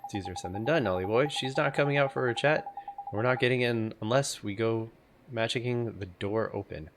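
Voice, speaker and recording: A man's voice: medium pitch, fairly quick, noisy background, close to an everyday voice. A man reading as a cheeky boastful fairy sidekick. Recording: game music playing behind.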